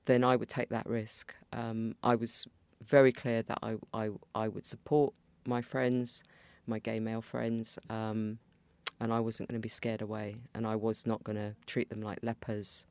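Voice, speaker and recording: A man's voice: fairly low pitch, little pitch movement, normal speed, a little mellow, clear, resonant tone, no room sound. A middle-aged man, a DJ, giving personal testimony in a reflective way with hesitant restarts.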